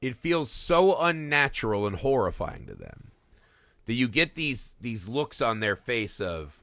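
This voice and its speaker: Male co-host, lively and bright, dry close sound, swears a lot. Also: mid-range voice, a little slow, no echo. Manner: animated, swears freely, acts out movie lines while laughing. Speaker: podcast co-host. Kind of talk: casual film discussion.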